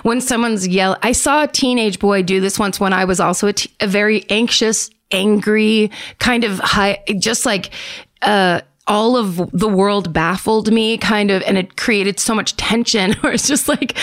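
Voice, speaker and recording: A woman's voice: mid-range voice, normal speed. A woman in her forties co-hosting a casual comedy podcast from home, telling stories and acting out voices. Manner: animated storyteller, acts out voices. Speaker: podcast co-host.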